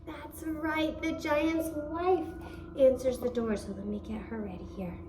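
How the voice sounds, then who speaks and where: A woman's voice: high voice, steady tone, unhurried, noisy background. A woman teacher telling a story to young children with animation, stopping often to ask them questions. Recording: roomy, distant from the mic.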